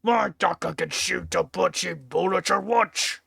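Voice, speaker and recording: A woman voicing a boastful male ork warrior who brags loudly and slowly in gruff slang. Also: fairly low pitch, no room sound, pitched above the performer's own voice, heavily acted. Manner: loud, slow and gloating, in gruff slang.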